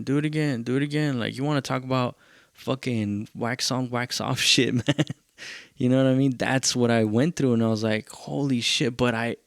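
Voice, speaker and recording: A young man hosting a podcast, telling a rambling story in casual, profane talk and acting out what others said in quick bursts. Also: on the low side, no room sound, studio quality. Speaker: podcast host.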